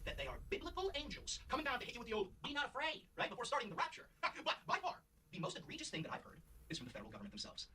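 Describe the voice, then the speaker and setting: A man's voice: extremely high pitch, huge pitch swings, rapid-fire, pushed and bright, far from the mic, poor audio. A man hosting a comedy show, delivering a profane, mocking scripted rant with heavy emphasis.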